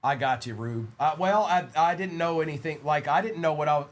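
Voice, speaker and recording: A man's voice: fairly high pitch, brisk. A man hosting a live-stream trading card break, chatting upbeat and casual while rattling off player names as he opens packs.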